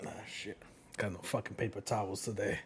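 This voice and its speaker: A man's voice: on the low side, steady tone, brisk, slight background noise. A man with a New York accent, chatting casually with his live-stream audience, swearing freely and dropping in Spanish phrases. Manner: profane, talks straight to his chat and drops in Spanish.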